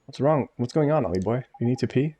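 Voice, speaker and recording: A man's voice: mid-range voice, expressive, quick pace, warm tone, voice pushed up, lightly acted. A man voicing a boastful, blunt male fairy sidekick with brash, slangy, teasing talk, reading game dialogue aloud. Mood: cheeky.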